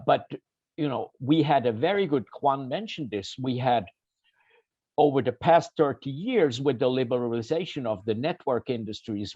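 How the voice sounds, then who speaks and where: A man from Switzerland on a discussion panel, talking in halting bursts with many restarts and repeated words. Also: medium pitch, a little mellow, no room sound. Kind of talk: round-table discussion. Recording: dull lo-fi sound, very dry.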